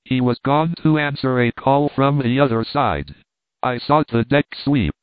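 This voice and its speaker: A man's voice: medium pitch, measured pace, clean tone, dry recording. Wry male audiobook narrator, tinny sound. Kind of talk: reading a travel memoir aloud. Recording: dry, tinny phone-like sound.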